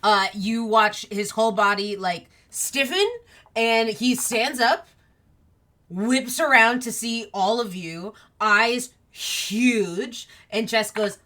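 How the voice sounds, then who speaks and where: A woman narrating a tabletop game as game master, relaxed with many fillers. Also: on the high side, slow.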